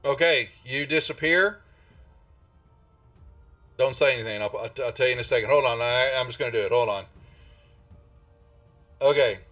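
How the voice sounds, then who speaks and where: A man narrating as game master in a tabletop game, speaking in a halting way with many restarts. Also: mid-range voice, a bit bright, no room sound, recorded from a distance, soft background music.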